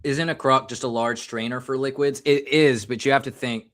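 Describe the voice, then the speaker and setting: Casual and rambling, an American live streamer cracks self-deprecating jokes, his loose talk suggesting someone drinking on air. His voice is mid-range and a bit bright, steady in tone, moving at a moderate pace.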